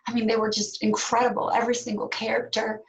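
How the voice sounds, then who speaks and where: A woman guest in an interview, speaking heartfelt and reflective, with pauses and fillers. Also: a little high, flat delivery, rough recording. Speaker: actress guest. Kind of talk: interview conversation.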